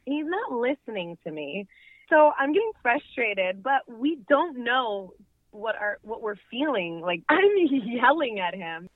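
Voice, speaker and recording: A woman with a fairly high voice tells an anecdote over a tinny, phone-like line, laughing as she goes. Her delivery is animated and the sound is dry and close. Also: unhurried, dry recording. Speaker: phone caller, friend of the guest.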